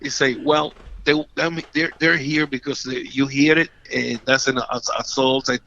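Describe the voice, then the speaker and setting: A middle-aged man from Puerto Rico who speaks Spanish natively, telling animated stories in broken English with a Puerto Rican Spanish accent, full of restarts and fillers, punctuated by sudden loud bursts when he acts out quotes. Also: medium pitch, moderate pace, vocal fry. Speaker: guest, former wrestler. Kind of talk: animated storytelling in an interview. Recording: dull, slightly lo-fi podcast audio.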